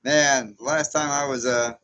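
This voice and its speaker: A man's voice: mid-range voice, fairly even intonation, a little slow, bright, forceful tone. Chatty man in his sixties. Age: 60s. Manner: chatty and rambling, chuckles often. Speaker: livestream host reading viewer chat. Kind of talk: casual live chat.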